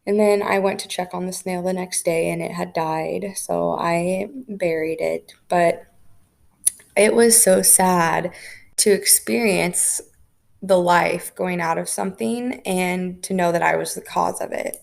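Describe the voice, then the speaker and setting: Young woman podcast host, kinda low voice w some vocal fry, chatty and rambly. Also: fairly even intonation, unhurried. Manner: chatty storytelling, frequent "like" fillers. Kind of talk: casual spiritual podcast talk.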